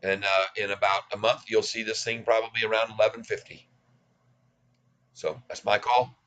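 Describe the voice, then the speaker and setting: Bright-voiced folksy man in his sixties. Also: on the low side, fairly even intonation, moderate pace, dull audio. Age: 60s. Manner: folksy, cocky and self-mocking, chuckles often. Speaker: stock trading vlogger. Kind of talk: casual stock market commentary.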